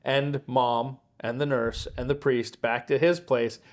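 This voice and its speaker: A man guest in a casual movie chat, chatty and quick to add plot details. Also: mid-range voice, steady tone.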